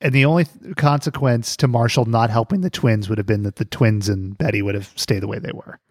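A man's voice: lowish voice, fairly quick, dry recording, studio quality. A man co-hosting a casual podcast, recapping an episode with jokes and frequent laughter. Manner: joking, laughs often, lively storytelling. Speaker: podcast co-host.

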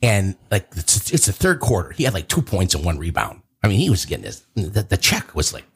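A man spins a long story in a casual chat. His voice is low and husky, and his pitch swings widely whenever he acts out what people said. He talks like a host who enjoys the telling. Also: brisk. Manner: animated, acts out quotes in a raised voice.

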